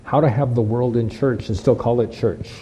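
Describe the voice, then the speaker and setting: Male pastor preaching hard, dark husky voice, keeps restarting and repeating himself. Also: medium pitch, fairly even intonation, normal speed, rough recording. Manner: emphatic preaching with frequent restarts and repeated phrases. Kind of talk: sermon.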